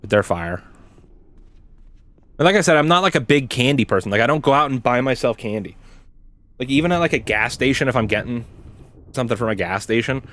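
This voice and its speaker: This young streamer chats casually during gameplay in an animated, slightly bright mid-range voice, talking a little fast and pausing often. His talk rambles, full of swearing and lots of "like" and "dude".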